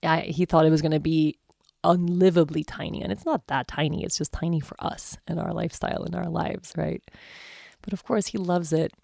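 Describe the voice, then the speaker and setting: Woman, thirties, casual vlog storytelling, gushing and chatty, low pitch, dry close sound. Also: fairly even intonation, a little fast, creaky, warm tone, no room sound. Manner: chatty and emotional, full of "like" and "I mean". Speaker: vlogger.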